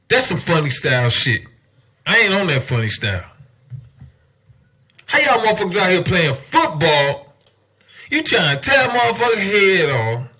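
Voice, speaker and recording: Young male podcast host, emphatic and heated, with a bright, sharp, husky tone. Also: fairly high pitch. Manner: heated, emphatic, heavy cursing, rhetorical questions. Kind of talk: profane rant on a podcast.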